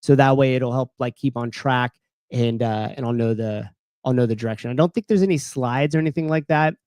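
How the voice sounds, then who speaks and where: A man's voice: medium pitch, brisk, darkish tone, no room sound. A man co-hosting a podcast, chatting casually and rambling with lots of fillers and the odd swear word. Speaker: podcast co-host. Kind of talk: casual livestream chat.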